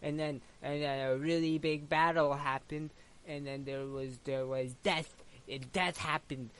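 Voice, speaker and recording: A man's voice: fairly high pitch, steady tone, a little slow, fairly bright tone, clean tone. A man telling an improvised, rambling story full of stammering restarts.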